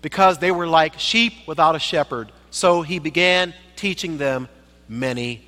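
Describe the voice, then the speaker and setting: A man's voice: a little high, a little slow, sharp tone. A man giving a sermon as a guest preacher, emphatic, repeating phrases for effect. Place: church sanctuary. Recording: reverberant church sanctuary.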